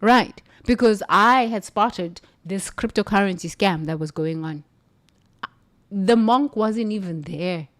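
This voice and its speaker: A woman from the United States, appearing as a guest, tells her own story conversationally in a slow, mid-range voice. She's emphatic and forthright, sometimes to the point of sounding preachy.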